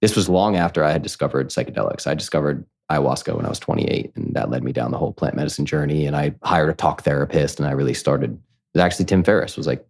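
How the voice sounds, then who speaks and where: A man in his thirties, a podcast guest, telling a personal story in casual conversation, candid and animated, acting out what others said. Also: extremely low pitch, fast talker, vocal fry. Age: 30s. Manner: candid, animated, quotes people in lively voices.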